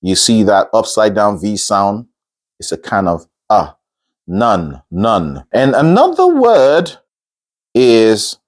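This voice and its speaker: A man teaching singing, explaining pronunciation slowly and repeating each word to demonstrate the sound. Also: lowish voice, a little mellow. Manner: slow, demonstrative, repeats words to model sounds. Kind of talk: vocal lesson on pronunciation.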